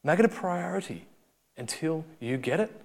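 A man's voice: fairly high pitch, lively intonation, normal speed. A young man preaching a sermon, telling a story in a conversational way and acting out the quotes.

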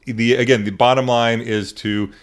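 A man's voice: mid-range voice, fairly even intonation, moderate pace, clear, resonant tone. A man hosting a podcast, chatting casually, joking and laughing often, with frequent restarts. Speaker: podcast host. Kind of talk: casual chat.

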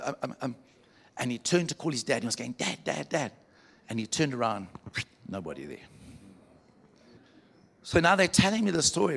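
A man preaching to a church, telling a story with animated quoted voices. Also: medium pitch, creaky. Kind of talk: sermon storytelling.

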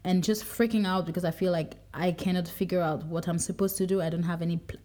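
Low, mellow-voiced woman musing aloud. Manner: reflective, rambling, with many fillers and restarts. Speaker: podcast host. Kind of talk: casual personal podcast monologue.

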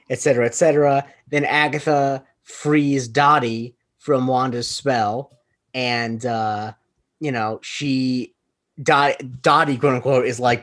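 A man's voice: medium pitch, fairly even intonation, slow, a bit bright. Rambling man recapping a show. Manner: rambling, self-deprecating, many fillers. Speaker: podcast co-host. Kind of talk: casual chat recapping a TV episode.

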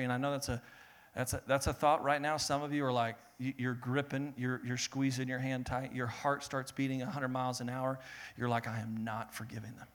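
A young man preaching a sermon, animated and laughing, rising to loud peaks and dropping to a soft, earnest tone. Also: medium pitch. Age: young adult. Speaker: pastor.

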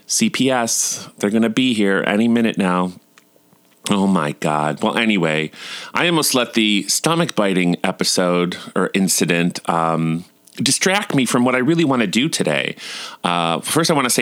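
A man's voice: on the low side, very animated, normal speed, fairly bright tone, no echo. A man and father telling stories in a casual vlog, chatty and self-mocking, laughing often. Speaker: vlogger and father.

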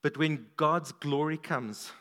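A man preaching a sermon at a church service, animated, his voice swinging up and down for emphasis. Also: slow pace. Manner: animated, rises and drops in pitch and volume for emphasis.

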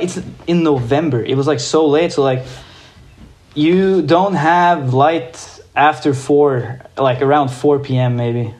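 Here a guest skateboarder, a young Norwegian, relates a story with casual excitement, throwing in free swearing and many fillers. His pitch is medium.

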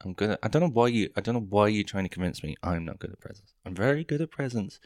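A young man with a deep, low voice rambles through a comic podcast monologue, swearing freely and mocking himself as he wanders off on tangents. The recording is close and dry, with no room sound around him. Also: lively intonation, fast, a little mellow, no room sound. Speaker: podcast host. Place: London.

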